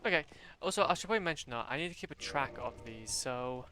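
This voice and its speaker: A man streaming gameplay with casual commentary, excitable and rambling, laughing at his own remarks. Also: fairly high pitch, fast, faint music behind. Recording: noisy stream audio.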